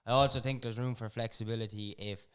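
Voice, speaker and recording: A fast-talking man hosts a casual podcast in a smooth, clear voice that sits a little low. He tells stories in a rambling, animated way, full of fillers. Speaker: podcast host.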